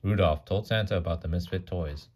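A man reading a picture book aloud to a child at bedtime, breaking in with lively gasps and comments. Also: low-pitched, fairly quick. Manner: animated, gasps and comments mid-story.

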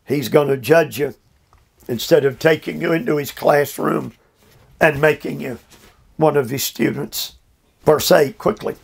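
An older man teaching a verse-by-verse Bible study sermon at home, slow and emphatic with drawn-out phrasing and repeated fillers. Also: medium pitch, vocal fry, husky. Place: his home.

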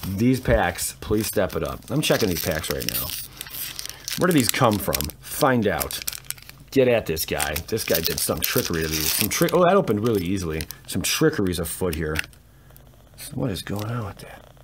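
A man giving casual, excitable commentary while opening card packs, grumbling and swearing to himself. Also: on the low side, noisy background.

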